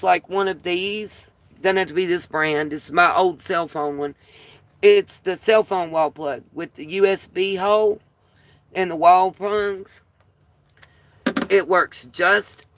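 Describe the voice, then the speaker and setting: In a dry recording, a woman with a medium-pitched voice and a Southern accent hosts a casual livestream. She chats folksily with her viewers and calls them y'all.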